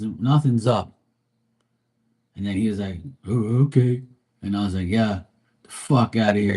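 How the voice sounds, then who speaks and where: A man's voice: medium pitch, darkish tone, husky. A man telling a story in a casual, profane rant, acting out quoted lines with animation. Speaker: livestream host. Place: Bermuda.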